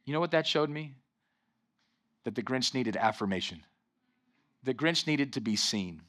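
A young adult man preaching a sermon as pastor, animated and calling out for amens from the congregation. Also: medium pitch, normal speed. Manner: animated preaching with call-and-response "amen".

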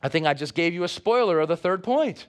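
A pastor preaching a sermon with animated delivery, playful asides and calls out to the congregation. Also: male voice, fairly high pitch, fairly quick.

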